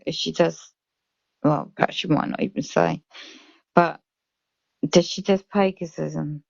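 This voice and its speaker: A British woman on a live stream, chatting casually and reading out chat comments in a slow, drawn-out way. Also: low voice, creaky, a little mellow, no echo. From Britain. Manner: reads chat comments aloud slowly. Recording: dull lo-fi live stream audio.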